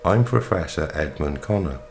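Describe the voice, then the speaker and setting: A man's voice: low voice, moderate pace, a little mellow, faint music behind. A man reading a polite, hesitant professor. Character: polite, puzzled male professor.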